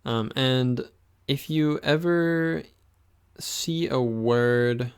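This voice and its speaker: A man leads a pronunciation lesson, speaking slowly and patiently. He repeats each word so the listener can try it after him. His voice is smooth and resonant, with a gravelly edge at the ends of phrases. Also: mid-range voice. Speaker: language teacher.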